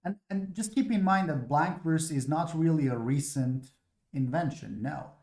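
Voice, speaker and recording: A man's voice: on the high side, normal speed, darkish tone. A man lecturing on poetry, explaining patiently step by step with frequent fillers. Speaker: literature lecturer. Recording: echoey room.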